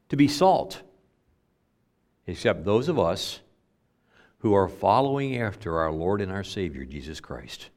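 A man preaching a sermon with a lively, swooping voice. He talks to the congregation in a plain, conversational way, then slows right down to stress single words. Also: medium pitch. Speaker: pastor.

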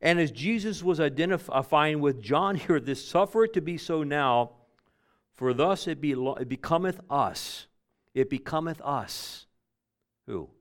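A man delivering a sermon in a folksy way, with homespun illustrations, swinging from loud emphatic bursts to quiet low asides. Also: animated, measured pace. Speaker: preacher.

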